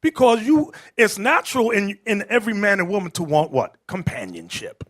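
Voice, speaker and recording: High, lively preaching man. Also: moderate pace. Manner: emphatic, rising to shouts, asks the crowd questions. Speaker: street preacher. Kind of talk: preaching to a group.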